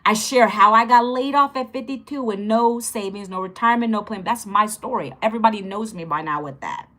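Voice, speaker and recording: Bright upbeat woman chatting on a livestream. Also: mid-range voice, a little fast. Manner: chatty and upbeat, greets viewers, repeats phrases. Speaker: livestream host teaching online income. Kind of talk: casual livestream chat.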